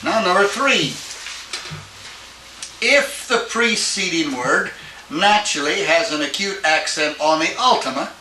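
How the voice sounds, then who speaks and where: Male language teacher, slow and methodical, bright tone, recorded from afar in an echoey classroom. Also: high voice, lively intonation, distant mic, slight background noise. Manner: explains step by step, asks checking questions. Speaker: Greek teacher. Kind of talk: classroom lecture.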